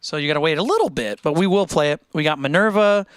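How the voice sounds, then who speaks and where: A man's voice: on the high side, lively intonation, fast, smooth, no room sound. A man hosting a live music stream, chatting casually and jokingly while he reads out viewer donations. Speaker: livestream music show host. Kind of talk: casual livestream chat between songs.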